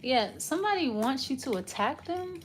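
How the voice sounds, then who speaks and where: A woman's voice: high-pitched, very animated, moderate pace, a little hiss or hum. A woman giving a casual, loose tarot reading, rambling and trailing off as she talks it through. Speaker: tarot reader.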